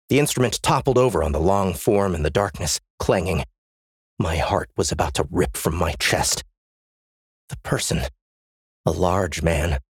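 A man's voice: rumbling low, husky, no room sound, studio quality. A man narrating a first-person story as an audiobook, in a tense, dramatic reading.

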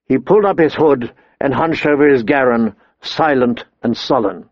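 A man reading an audiobook in a measured storytelling manner. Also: mid-range voice, no echo, highs cut off. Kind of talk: audiobook narration.

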